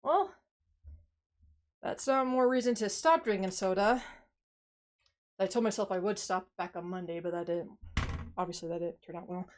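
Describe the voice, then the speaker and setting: A woman's voice: medium pitch, normal speed, pauses often. A woman streamer chatting casually after a workout, tired and out of breath, rambling and sighing often. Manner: rambling, self-deprecating, sighs often. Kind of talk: casual live-stream chat.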